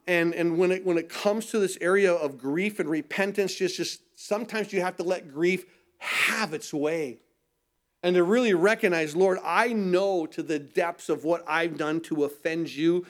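A middle-aged male pastor preaching a sermon, asking rhetorical questions and repeating phrases for emphasis. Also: sits high.

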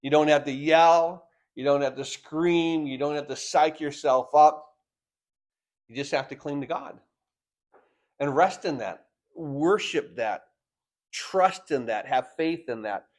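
A man preaching a sermon, swinging between loud emphatic lines and soft, slowly drawn-out phrases, often repeating words as he builds his points. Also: on the high side.

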